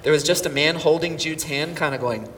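A middle-aged man preaching a sermon, telling a story with swings from near-whispers to shouts. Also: fairly high pitch, brisk, a loud crowd. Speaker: pastor. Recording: distant mic with hall reverb and faint room noise.

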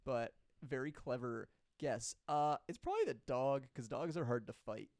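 A man co-hosting a podcast, chatting in a playful, expressive way. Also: mid-range voice, moderate pace, dry recording, clean studio sound. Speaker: podcast co-host. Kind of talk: casual chat.

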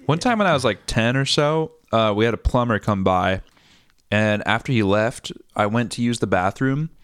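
Man with a lively, dry voice. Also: on the low side, smooth, no echo. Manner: quick joking interjections and laughs. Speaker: podcast co-host. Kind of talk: casual chat.

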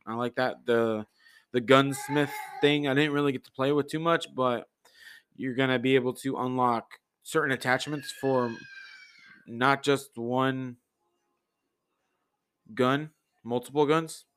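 A man's voice: medium pitch, fairly even intonation, unhurried, long pauses, a bit bright, clean tone. A man hosting his own podcast, chatting loosely and rambling a bit, with many fillers and restarts. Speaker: podcast host. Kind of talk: casual solo podcast chat.

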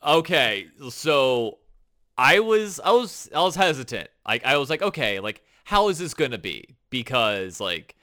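A man co-hosting a casual podcast, talking in an excitable, animated, teasing way. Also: medium pitch, unhurried. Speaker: podcast co-host. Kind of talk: casual chat.

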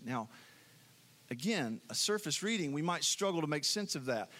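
A man preaching a sermon, retelling scripture in an expressive storytelling way that drops low and soft for emphasis. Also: normal speed. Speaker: pastor.

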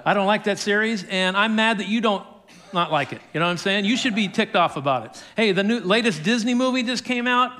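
High-voiced man preaching a sermon. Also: bright, forceful tone. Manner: storytelling with acted quotes and chuckles. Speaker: pastor.

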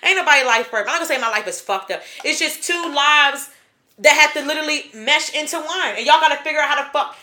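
Bright-voiced blunt woman podcast co-host. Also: high voice, expressive, quick pace, a little hiss or hum. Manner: blunt, swears freely, laughs often. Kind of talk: casual podcast chat.

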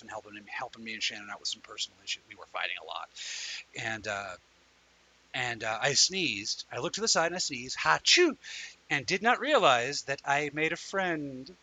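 A man's voice: mid-range voice, pushed and bright, breathy edge, rough recording. A man hosting a live online talk show, chatting in a rambling way and telling stories animatedly to viewers he greets by name. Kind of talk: casual livestream chat.

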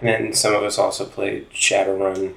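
A man's voice: deep voice, completely flat delivery, normal speed, vocal fry, fairly bright tone. A man in a casual group chat, keenly recounting shared game nights. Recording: roomy echo.

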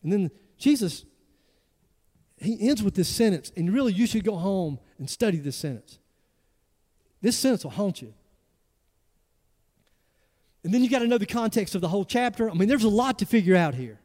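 A male pastor, preaching an animated, emphatic sermon full of rhetorical questions. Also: high voice, brisk. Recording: long hall reverb.

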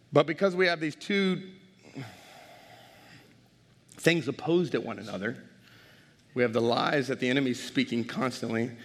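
A male pastor preaching a sermon to a congregation, animated and direct, calling out to the crowd. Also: medium pitch, big-room sound.

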